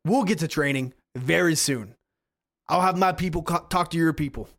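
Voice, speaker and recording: A man's voice: on the high side, moderate pace, fairly bright tone, pitched above the performer's own voice. A man voicing the world's top superhero in a tabletop game, a boastful, domineering man who talks in swaggering threats.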